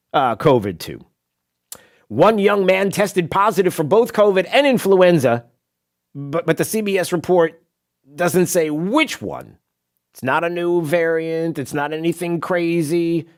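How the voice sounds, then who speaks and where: A man's voice: fairly high pitch, very animated, measured pace. A man hosting a talk radio show, rambling and sarcastic with plenty of asides. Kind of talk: opinionated talk radio monologue. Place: radio studio.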